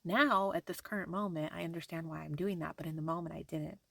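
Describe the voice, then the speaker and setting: A young woman talking softly and hesitantly in a personal diary vlog, with many fillers and restarts. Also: on the low side, steady tone, fast, creaky, dry recording. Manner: soft-spoken, hesitant, lots of fillers and restarts. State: tearful at times. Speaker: vlogger.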